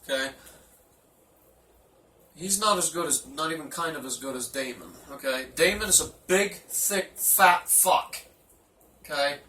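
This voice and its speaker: A man doing a comic locker-room roll call as team manager, rambling, profane and mock-gruff. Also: a little high, lively intonation, measured pace, pauses often, pushed and bright, echoey room, far from the mic. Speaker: team manager giving a speech.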